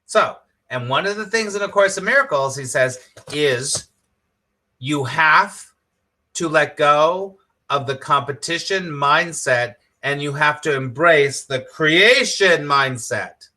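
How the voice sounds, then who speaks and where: A man's voice: a little high, lively intonation, slow pace, bright, forceful tone. A middle-aged man, a spiritual teacher, teaching on a live stream with enthusiasm, repeating his points and quizzing viewers by name.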